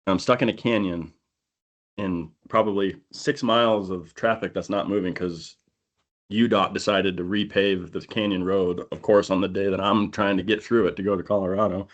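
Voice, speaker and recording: A man on a podcast telling a long, animated hunting-trip story in casual chat, acting out the people he quotes. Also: low-pitched, normal speed. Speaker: podcast co-host. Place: indoor podcast studio.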